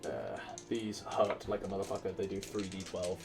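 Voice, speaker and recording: A man from Wales with a Welsh accent and a fairly low voice runs a tabletop game as dungeon master. He narrates the action and counts dice aloud. Between rolls he hums little filler sounds. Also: normal speed, vocal fry, music in the background.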